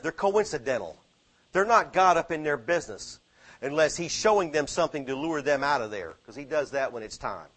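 A man preaching a sermon, swinging from low, quiet asides to fervent exhortation full of rhetorical questions. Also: animated, brisk.

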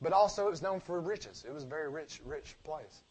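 A high-pitched male preacher delivering a sermon. He leans hard on his main points, then drops to soft, near-mumbled asides, and fires off rhetorical questions only to answer them himself. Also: expressive, fairly quick, crowd noise. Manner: swings from loud emphatic preaching to quiet asides.

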